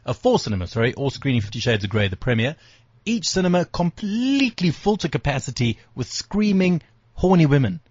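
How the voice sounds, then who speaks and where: A man's voice: on the high side, very animated, fairly quick, a little mellow, husky, no echo, lo-fi sound. A man hosting a radio chat show, talking hesitantly with many ums and restarts. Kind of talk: casual chat.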